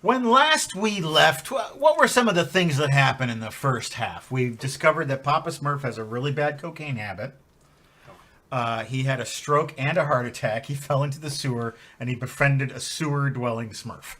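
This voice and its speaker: A man's voice: medium pitch, lively intonation, moderate pace, a bit bright. A man hosting a comedy tabletop game show, recapping the story with wry, playful chat. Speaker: game host.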